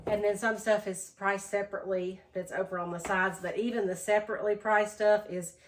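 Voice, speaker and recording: A woman vlogging a casual thrift haul, chatty and tired, low on energy after being sick, with lots of "um"s. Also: fairly even intonation, fairly quick, a little hiss or hum. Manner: chatty, says "y'all", many "um"s.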